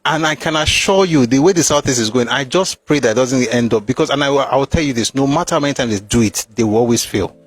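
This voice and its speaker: A man's voice: medium pitch, fast talker, hardly any pauses, breathy edge, no room sound, faint music behind. A man reading passages from a war memoir aloud and breaking off with mocking, emphatic asides.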